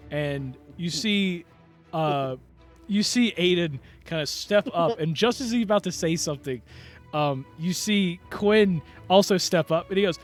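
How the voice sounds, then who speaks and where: A man narrating a tabletop game as the dungeon master, telling the story in a relaxed way. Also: a little high, measured pace, faint music behind.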